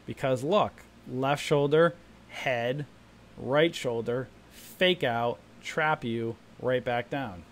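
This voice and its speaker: A man hosting a live stock trading stream speaks slowly in a mid-range voice. His market commentary mixes chart explanations with animated impressions of panicking new traders.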